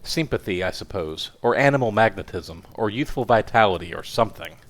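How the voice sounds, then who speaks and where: A man's voice: on the low side, lively intonation, brisk, a bit bright. A man reading aloud voices a crabbed, kindly old male news editor in a fussy, paternal manner. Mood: musing, eager.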